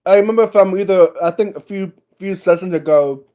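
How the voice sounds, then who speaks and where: A man's voice: sits high, dark tone. A man playing in a tabletop game who chats casually and restarts his sentences often. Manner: halting, repeats himself as he starts sentences. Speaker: player. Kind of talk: casual chat.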